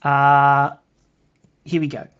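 A man's voice: mid-range voice, completely flat delivery, very slow, smooth. A man with a British accent hosting a live beading tutorial, chatting to viewers and counting beads aloud as he works. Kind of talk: live craft tutorial, casual chat. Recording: slightly dull lo-fi sound.

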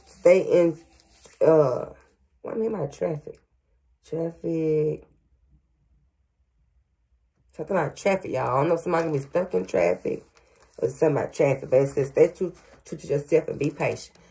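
Grandmother, low voice, mellow tone, casual psychic reading, stuttering. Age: older. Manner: stuttering, fillers, addresses viewers as y'all and honey. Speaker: psychic medium. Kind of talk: casual tarot reading to viewers.

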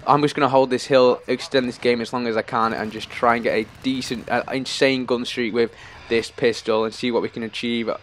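A young-sounding man talks through a tense match as he plays it. He swings between anxious pleading and loud excitement, with his voice at a middling pitch and a faint hiss behind it. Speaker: gaming YouTuber. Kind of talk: live gameplay commentary.

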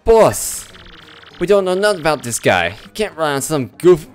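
A man's voice: on the high side, big pitch swings, moderate pace, clean tone, faint music behind. A man voicing a dim-witted male tree-creature henchman with a put-on mobster accent, fawning toward his boss. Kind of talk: reading game dialogue in character.

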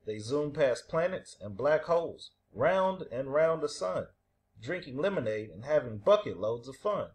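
A man reading a children's picture book aloud with animated storytelling. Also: mid-range voice, unhurried. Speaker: reader.

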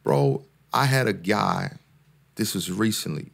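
With a fairly low, expressive voice and an unhurried pace marked by vocal fry, this man is a therapist guesting on a laid-back podcast. He talks with an earnest, sermon-like rhythm that climbs as he makes his points. Repeated words and restarted sentences come up often.

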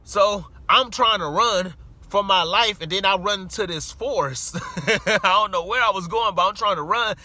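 A man telling an animated story from his car in a casual vlog, breaking off to talk back at other drivers and acting out the people he quotes. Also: high voice, normal speed. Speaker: vlogger. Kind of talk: casual storytelling while driving.

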